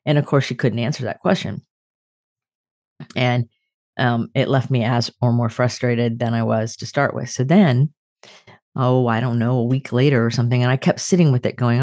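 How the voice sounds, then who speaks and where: A woman's voice: very deep voice, steady tone, moderate pace, darkish tone, no room sound. An older woman hosting a podcast, sharing personal stories in an earnest, reflective way with frequent restarts. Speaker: podcast host. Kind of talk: reflective spiritual talk.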